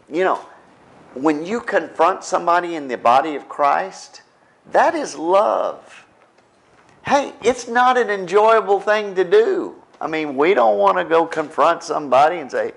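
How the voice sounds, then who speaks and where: A middle-aged man with a drawl delivers a sermon in an easygoing, conversational way. His pitch rises and falls with lively expression while he keeps an unhurried pace. He often tosses a quick "right?" to his congregation. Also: vocal fry. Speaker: pastor.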